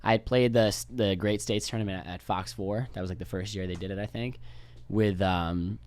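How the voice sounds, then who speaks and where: A man's voice: low voice, fairly even intonation, a little fast, darkish tone. A young man from New York, a podcast guest telling rambling, laid-back stories and swearing freely. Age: young adult. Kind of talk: casual storytelling chat.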